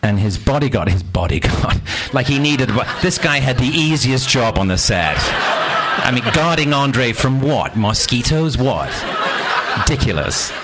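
A man telling a funny anecdote in a casual, animated and self-mocking way, acting out the scenes. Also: medium pitch, unhurried, very noisy. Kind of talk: casual storytelling.

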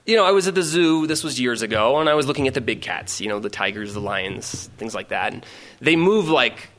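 A man telling a rambling, profane comic story in a casual, animated way. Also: mid-range voice, brisk.

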